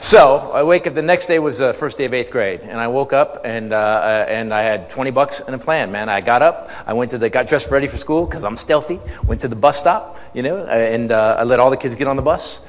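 A man doing a stand-up comedy set, telling a story to a live audience with loud shouted bits and swinging pitch when he acts out other people. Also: fairly quick, hardly any pauses. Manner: shouted act-outs, swinging pitch for comic voices. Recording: live club recording, loud crowd and room noise, long reverb. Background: audience laughter.

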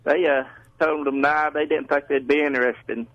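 A man's voice: on the high side, fairly even intonation, normal speed, no room sound. A man calling in to a radio show, plainspoken and telling a rambling anecdote. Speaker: caller. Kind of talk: casual phone storytelling. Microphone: telephone. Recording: phone line call-in.

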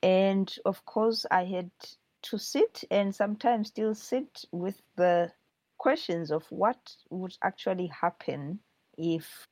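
A woman's voice: on the low side, darkish tone, no room sound. A woman author answering questions thoughtfully, often restarting her sentences.

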